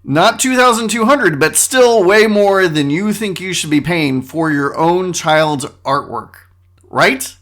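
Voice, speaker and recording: A man's voice: high-pitched, expressive, takes it slowly, fairly bright tone. A man hosting his own podcast, delivering a comedic monologue with sarcastic, mock-boastful asides. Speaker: podcast host.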